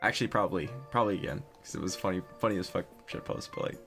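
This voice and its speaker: A man's voice: deep voice, very fast, gravelly, a bit bright, soft background music. A young man streaming, chatting casually and telling a rambling story with plenty of swearing.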